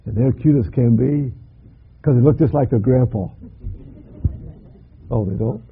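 An older man preaching a sermon, dramatic and impassioned, swelling in pitch and volume. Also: a little slow, a little hiss or hum. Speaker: pastor. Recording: dull lo-fi recording.

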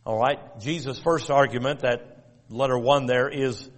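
A man delivering a sermon, teaching in a measured, emphatic way and repeating key phrases. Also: medium pitch, fairly even intonation, in a large hall. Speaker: preacher.

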